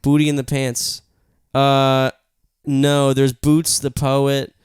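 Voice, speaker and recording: A man's voice: mid-range voice, completely flat delivery, takes it slowly, clear, resonant tone, no echo, studio quality. A young American man co-hosting a podcast, joking and swearing in casual chat. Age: 20s. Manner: joking, profane, trades silly put-on voices. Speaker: podcast co-host.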